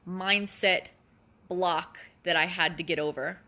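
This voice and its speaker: Earnest, bright-voiced mother near tears. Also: on the low side, steady tone, slow pace. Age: adult parent of a child. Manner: earnest, pleading, repeats for emphasis. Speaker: vlogger speaking to parents. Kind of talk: emotional personal address.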